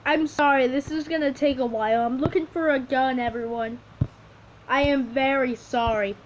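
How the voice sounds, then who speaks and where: High-voiced woman rambling through a story. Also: steady tone. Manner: rambling and halting, with many restarts. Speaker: video creator. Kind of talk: improvised storytelling while drawing. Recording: dull lo-fi recording with faint hiss.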